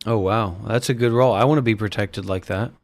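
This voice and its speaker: A man's voice: on the low side, fairly quick. A man hosting an online voice chat stage, talking casually, crude and swearing, trading insults.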